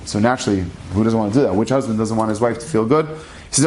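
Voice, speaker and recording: A man in the role of a rabbi tells an inspirational story with lively energy. He acts out each conversation, shifting between the people in it, and moves the tale along briskly. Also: on the low side. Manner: animated, acts out dialogue.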